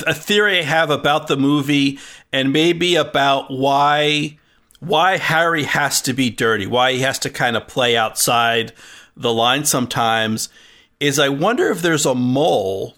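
A man guesting on a casual podcast, with a bright, tense edge to his voice. He talks haltingly, restarting his phrases as he thinks aloud. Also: mid-range voice. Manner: hesitant, many fillers and restarts.

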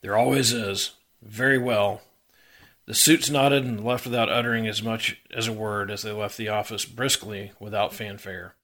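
Brief: male reader, lowish voice, even and dry crime-story narration. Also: moderate pace, hardly any pauses. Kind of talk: reading a hard-boiled crime story aloud.

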